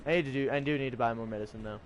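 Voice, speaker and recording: A man's voice: medium pitch, very fast, slight background noise. A young man chatting casually while playing a game, reading riddles aloud and joking with mock French phrases. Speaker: gameplay streamer. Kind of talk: casual gameplay commentary.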